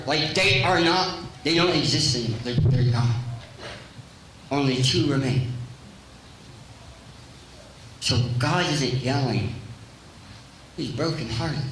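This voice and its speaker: A man's voice: fairly high pitch, fairly bright tone, a little hiss or hum. A man preaching a jokey live sermon, quizzing his congregation in a large church hall. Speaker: pastor. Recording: very echoey church hall, faint ambience.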